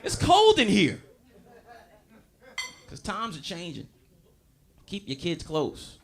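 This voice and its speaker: A man's voice: high-pitched, wildly swooping pitch, slow pace, vocal fry, fairly bright tone, slight background noise. A man doing a stand-up comedy set on stage, brash and profane, talking straight to the crowd with audience laughter behind him.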